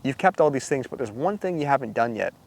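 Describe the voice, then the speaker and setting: A man quoting a calm, patient male teacher in a casual retelling. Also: medium pitch, fast talker, creaky.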